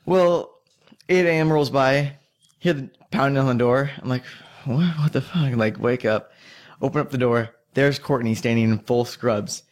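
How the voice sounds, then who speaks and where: A young man tells a rambling story in casual chat, swearing freely and laughing between lines. His voice sits in an ordinary middle pitch. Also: moderate pace.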